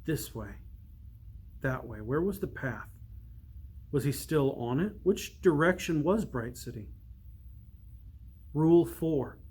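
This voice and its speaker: A priest reading a storybook aloud, slow and measured, dropping to a hush for suspense. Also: male voice, a little high, breathy edge.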